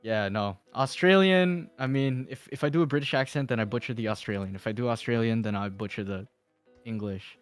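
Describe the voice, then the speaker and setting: Rambling man in casual podcast chat. He laughs often and fills his talk with ums and restarts, at a middle pitch, with faint music playing underneath. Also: brisk, clean tone. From Philippines. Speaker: podcast guest.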